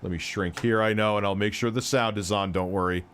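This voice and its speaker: A man with a sick, roughening voice, chatting casually and loosely while hosting a live game stream, swearing now and then. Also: lowish voice, steady tone, brisk, fairly bright tone, slight background noise.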